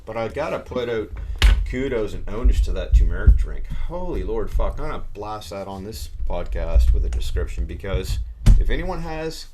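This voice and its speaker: A man hosting a casual podcast, talking in an excitable, profane, rambling way. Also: lowish voice, moderate pace, noisy background. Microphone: camera setup.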